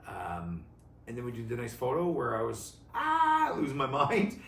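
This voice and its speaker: A man's voice: mid-range voice, vocal fry, distant mic. Man telling stories in an echoey garage. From Canada. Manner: animated storyteller, quick to laugh. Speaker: co-host and athlete. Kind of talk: casual chat. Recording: echoey garage, voice a little off-mic, faint noise.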